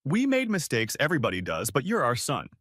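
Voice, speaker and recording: A man voicing a pleading middle-aged mother in a spoken story, lifting his pitch for her lines. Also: huge pitch swings, brisk, a bit bright, no echo, studio quality.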